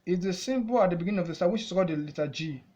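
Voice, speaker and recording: A man's voice: high-pitched, very fast, dark tone, lo-fi sound. Man teaching music with a Nigerian accent. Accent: Nigerian English. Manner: repetitive, asks the viewer questions and answers them himself. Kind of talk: classroom-style music theory lesson.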